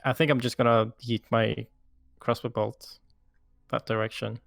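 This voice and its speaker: A man's voice: medium pitch, little pitch movement, measured pace, creaky, a bit bright, dry recording. A man chatting casually as a player in a tabletop role-playing game, joking and swearing.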